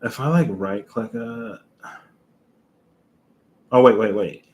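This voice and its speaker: A man reading oracle cards aloud in a casual way, with unhurried, musing asides to himself between passages. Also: mid-range voice, darkish tone. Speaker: oracle card reader.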